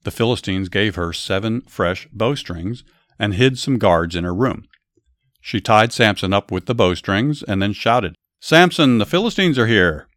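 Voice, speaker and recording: A man hosting a podcast, narrating a Bible story and giving commentary in a measured, earnest reading. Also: fairly low pitch, a bit bright, no echo, studio quality.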